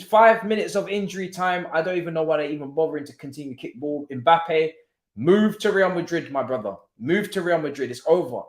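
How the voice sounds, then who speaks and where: In an echoey room, a man with a slightly high voice talks fairly quickly while hosting a live stream. He offers casual match commentary, reacting to the football in slangy chat.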